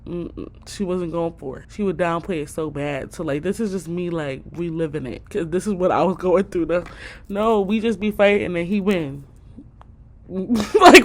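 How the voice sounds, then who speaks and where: A young woman vlogger telling a storytime tale in a slangy, animated way, acting out what people said. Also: medium pitch, fast talker, reverberant, a little hiss or hum. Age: young adult. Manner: animated, slangy, acts out quotes loudly. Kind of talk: storytime vlog.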